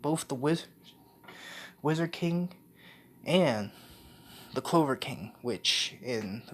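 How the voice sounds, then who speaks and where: Guy slowly telling his fan story, keeps stopping n fixing his words, casual and slangy. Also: fairly high pitch, expressive, slight background noise. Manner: halting, many restarts and self-corrections. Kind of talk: unscripted story retelling.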